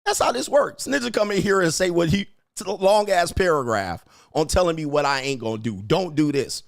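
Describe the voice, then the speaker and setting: A man's voice: a little high, animated, fairly quick. A male livestream host giving brash, profane, combative commentary and laughing often. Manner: frequent laughter.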